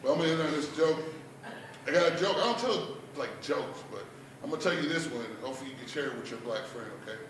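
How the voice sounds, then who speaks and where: A man with a fairly high, animated voice talks fast through a relaxed open-mic comedy set in a bar performance room, dropping "man" and "like" throughout. Background noise, room echo, and a distant-sounding mic mark the recording.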